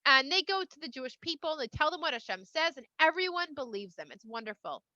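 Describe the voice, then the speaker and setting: A woman's voice: high voice, lively intonation, fairly quick, sharp tone, dry recording. A woman casually retelling a Torah portion for children in a playful, slangy, conversational way, on a slightly lo-fi recording. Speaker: storyteller for children.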